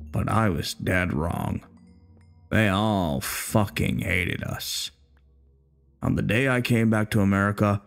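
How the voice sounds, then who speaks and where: Low, gravelly, crude old veteran, hostile and menacing, slow and profane, voiced by a man in a story reading. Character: bitter, crude, hostile older male war veteran.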